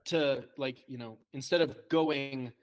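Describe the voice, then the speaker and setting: A man, a high school English teacher, chatting casually and telling self-deprecating stories with frequent laughs. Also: steady tone, unhurried. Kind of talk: casual chat.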